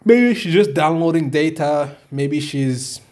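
A fairly high-voiced man in a heated rant, swearing often and circling back to the same complaints. He sounds fed up and keeps hammering his points. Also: lively intonation, a little slow, a little mellow. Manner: exasperated, swearing, repetitive. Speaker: fight reviewer. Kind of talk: profane rant review.

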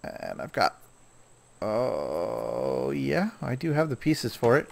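A man's voice: medium pitch, sing-song, slow pace, creaky. A man casually commenting on his own gameplay, chatting to himself and scolding the animals in the game.

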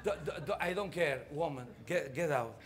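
A man's voice: a little high, expressive, normal speed, lightly acted. A man playing a greedy, grumpy cemetery caretaker who scolds and shoos people away in a comic monologue. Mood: scolding.

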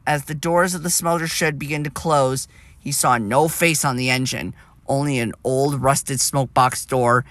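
A man narrating a storybook tale in a plain, steady reading voice with small slips. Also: mid-range voice, unhurried, no echo.

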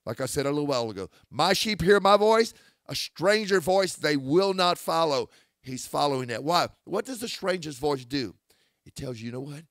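Male preacher, fiery and scripture-heavy, slightly high voice. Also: lively intonation, moderate pace, no room sound, studio quality. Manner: forceful, scripture-quoting, rising to shouts. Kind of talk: critical sermon.

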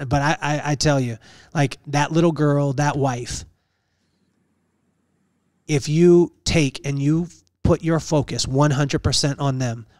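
With a medium-pitched voice and clean studio sound free of echo, this man hosts a podcast. He shares a personal story in an earnest, preacher-like manner, repeating phrases to drive them home.

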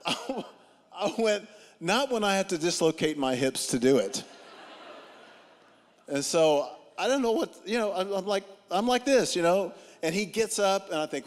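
A man's voice: on the high side, a little fast. A man preaching a sermon as a guest speaker, telling stories with comic timing and acting out what people said. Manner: comic, animated storytelling with acted-out dialogue. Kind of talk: humorous sermon storytelling. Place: church auditorium. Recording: long reverb of a large hall.

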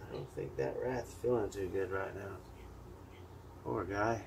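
A man giving chatty, joking live commentary as a zookeeper during a snake feeding, with sudden loud playful outbursts. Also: on the low side, measured pace, vocal fry, background noise.

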